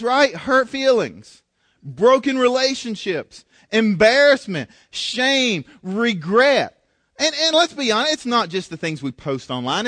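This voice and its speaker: Halting, high-voiced preacher man. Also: dry recording. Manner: halting, repeats words, animated asides. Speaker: pastor. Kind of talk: sermon. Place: church.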